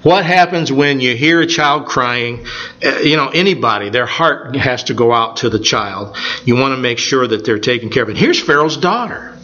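Bright-voiced male preacher, lo-fi. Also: mid-range voice, normal speed. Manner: conversational, animated retelling of scripture. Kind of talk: sermon.

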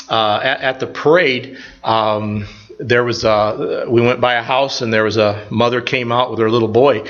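A man's voice: mid-range voice, fairly bright tone. An older man, a pastor, giving an informal sermon full of personal stories, telling them in a folksy, rambling way with many restarts. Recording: slightly dull, lo-fi sound.

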